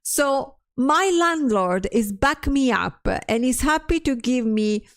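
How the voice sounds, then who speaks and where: A woman's voice: high-pitched, animated, takes it slowly. A stressed woman streamer in casual livestream chat, ranting, swearing often and restarting her sentences as she reads chat aloud.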